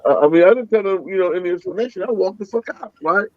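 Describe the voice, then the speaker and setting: A man's voice: high voice, fast talker, no room sound. Profane male storyteller, dry dull mic. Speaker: comedian panelist. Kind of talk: casual storytelling.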